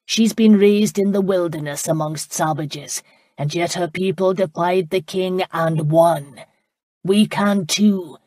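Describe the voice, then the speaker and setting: A woman narrator voicing a proud, commanding Scottish laird with a genteel, rolling accent and a measured, lordly manner. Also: lowish voice, mellow, dry recording, clean studio sound. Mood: rousing.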